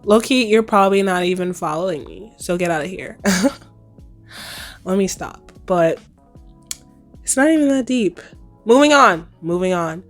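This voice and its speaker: A young woman in her twenties hosting her own podcast, casually chatting in a slightly hoarse voice, playful and full of slang. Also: medium pitch, lively intonation, measured pace, pauses often, soft background music. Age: 20s. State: hoarse, recovering lost voice. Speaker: podcast host. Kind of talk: casual solo podcast chat.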